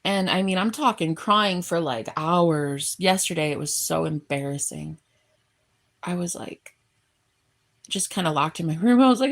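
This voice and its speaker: A woman talking in a heartfelt, rambling vlog, full of halting restarts. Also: on the low side, animated, vocal fry. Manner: earnest and effusive. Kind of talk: emotional personal vlog.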